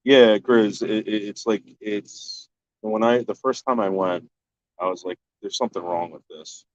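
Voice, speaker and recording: A man's voice: lowish voice, steady tone, measured pace, no echo. A man hosting a live stream, talking casually and bluntly with viewers and cursing freely. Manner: blunt and profane, with frequent restarts. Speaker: live-stream host answering chat. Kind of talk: casual chat. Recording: dull, lo-fi dry recording.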